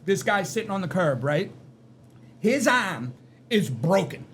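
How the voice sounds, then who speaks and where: A man, telling a work story in an animated, casual way and tagging his lines with "right?". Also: high voice, unhurried, a little hiss or hum. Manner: animated, tags lines with "right?" and "you know what I mean?". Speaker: podcast guest.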